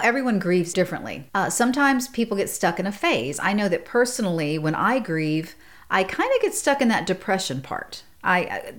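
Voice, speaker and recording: Chatty middle-aged woman sharing stories. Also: lowish voice. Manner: warm storytelling, laughs often. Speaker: podcast host. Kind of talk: casual advice talk.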